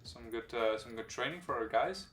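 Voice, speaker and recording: A man streaming a strategy game live, explaining its mechanics as he plays, relaxed and hesitant with many fillers. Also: mid-range voice, moderate pace. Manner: explains game mechanics while thinking aloud. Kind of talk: live gameplay commentary. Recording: roomy sound from a distant mic, faint background music.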